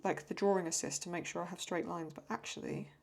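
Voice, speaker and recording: A woman's voice: lowish voice, steady tone, quick pace, creaky. A young English woman chatting casually and rambling while she draws and answers viewer questions. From England. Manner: chatty, rambling, self-talk. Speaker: host. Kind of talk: casual chat while drawing.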